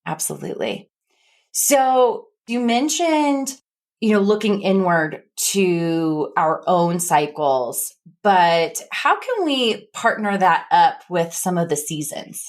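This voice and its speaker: A woman with an American Midwest accent hosting a podcast interview in a casual, animated way. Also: takes it slowly. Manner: animated, acts out quoted lines in a higher voice. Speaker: podcast host.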